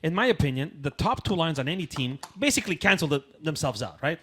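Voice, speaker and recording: A man's voice: a little high, animated, fairly bright tone, a little hiss or hum. A man co-hosting a hockey podcast, jumping in eagerly with agreement and questions. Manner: eager, quick agreeing interjections. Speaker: podcast co-host. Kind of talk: casual podcast chat.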